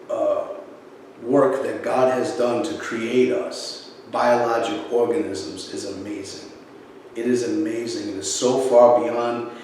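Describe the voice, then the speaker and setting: A man's voice: medium pitch, darkish tone. A man giving an informal religious talk, rambling and emphatic, often stopping to fire rhetorical questions at his viewers. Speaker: Christian video preacher. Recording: very echoey room, distant mic, faint background hiss.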